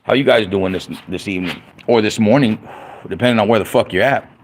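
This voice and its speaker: A man's voice: lowish voice, brisk, a little hiss or hum. A middle-aged man in a casual late-night livestream, ranting with lots of profanity and repeating himself. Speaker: livestreaming vlogger.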